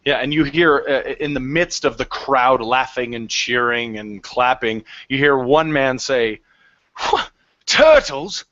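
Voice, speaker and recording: A man's voice: medium pitch, steady tone, a little slow, few pauses, sharp tone, dry recording, lo-fi sound. A man acting as game master, narrating a tavern scene in a tabletop game.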